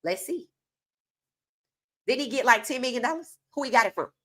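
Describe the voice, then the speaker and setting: A woman's voice: fairly high pitch, expressive, moderate pace, bright, forceful tone. A woman hosting an opinionated sports commentary monologue. She talks casually and emphatically, firing rhetorical questions straight at her viewers. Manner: casual informal speech.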